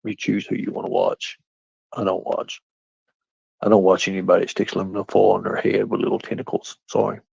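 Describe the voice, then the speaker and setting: Brief: low, gravelly-voiced man streaming, picking fights with chat, dry lo-fi sound. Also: monotone, a little fast, a little mellow, dry recording. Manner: combative, confrontational, talks straight back to chat. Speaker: livestreamer answering chat. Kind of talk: casual live-stream rant. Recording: dull, lo-fi dry stream audio.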